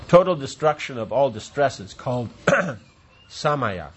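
A man's voice: medium pitch, big pitch swings, a little slow, slightly rough. A man reading a devotional play aloud, with stage directions, footnotes and brief offhand asides. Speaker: reader.

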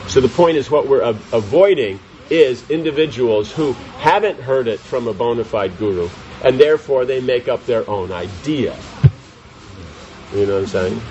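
A man's voice: mid-range voice, a little mellow, lo-fi sound, slight background noise. A man giving a scripture class, reading commentary aloud and explaining it with questions to his listeners. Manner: reads commentary then explains with rhetorical questions to the audience. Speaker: spiritual teacher.

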